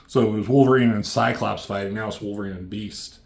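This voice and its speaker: Man, lowish voice, comic book reviewer, casual recap, profane, loose delivery. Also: brisk, gravelly, darkish tone. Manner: loose and profane, quotes characters in a slightly raised voice.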